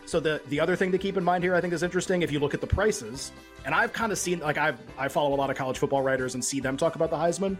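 A man's voice: a little high, faint music behind. A man talking through sports bets in a loose, casual chat, full of fillers and asides. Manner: quick, loose and conversational, lots of fillers. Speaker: sports betting analyst.

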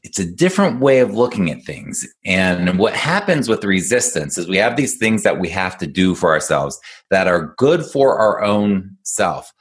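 A man with a very deep voice coaching kids in a casual conversation. He explains in an upbeat, patient way, often checking in with his listener. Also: very animated, moderate pace, few pauses. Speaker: executive functioning coach.

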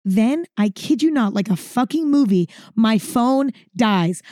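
A woman's voice: fairly high pitch, lively intonation, measured pace, hardly any pauses, warm tone, no echo, studio quality. A woman vlogger telling a story to camera in a casual monologue, dramatic and emphatic, repeating words for effect and swearing freely.

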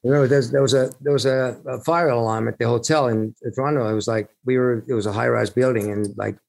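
A man, a musician guest, telling stories in an interview with a halting, rambling delivery full of restarts and laughs. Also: mid-range voice, fairly even intonation, gravelly, darkish tone. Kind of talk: storytelling in an interview.

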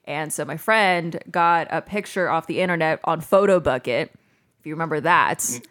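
A woman in her thirties co-hosting a casual chat, telling an animated story with frequent laughter. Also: sits low, moderate pace.

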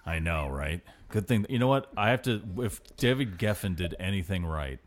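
A man's voice: low voice, animated, moderate pace, slight background noise. A man co-hosting a casual music podcast, rambling with ums and chuckles. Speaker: podcast co-host.

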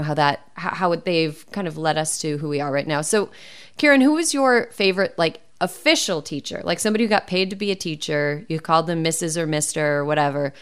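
A woman hosting a casual podcast with a fairly low, smooth, clear voice. She talks frankly and loosely and swears in passing. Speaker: podcast host.

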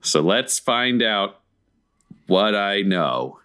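A man's voice: on the low side, big pitch swings, extremely slow, sharp tone, a little hiss or hum. A man as a player in a tabletop game, talking casually with some hesitation.

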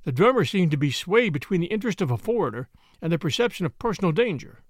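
A man reading a story aloud in an expressive, varied narration. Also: high voice, fast, no room sound, clean studio sound.

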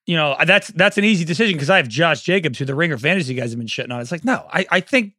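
A man co-hosting a podcast in relaxed casual chat, making dry asides. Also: fairly high pitch, very fast, no echo. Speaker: podcast co-host.

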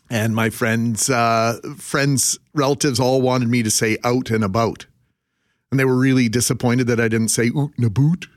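A man's voice: mid-range voice, no echo, studio quality. A Canadian man on a radio show telling jokey stories from his travels. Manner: jokey anecdotes, puts on voices in stories. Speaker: radio co-host. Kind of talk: storytelling on radio.

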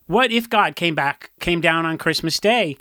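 A man's voice: a little high, lively intonation, a little slow, bright, forceful tone, no echo, studio quality. A man talking casually as a podcast guest, telling rambling stories with fillers and laughs. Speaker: podcast guest, punk musician. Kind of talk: casual chat.

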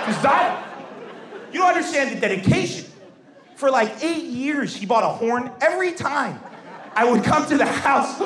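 High-voiced man doing live stand-up. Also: fairly quick, noisy background. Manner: animated, shifts into characters, shouts for punchlines. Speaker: stand-up comedian. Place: theater stage before a live audience. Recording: echoey hall with crowd.

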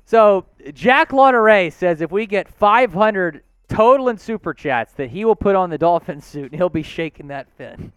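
A man hosts a live sports stream in a strikingly high, bright voice. He talks at an unhurried pace that swings widely in pitch and bursts into excited shout-outs. The sound is dry and close, with faint music underneath. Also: smooth, no room sound. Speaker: host.

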